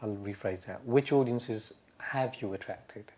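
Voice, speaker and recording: A man's voice: fairly low pitch, unhurried, mellow. A man asking oral history interview questions, careful and rephrasing as he goes.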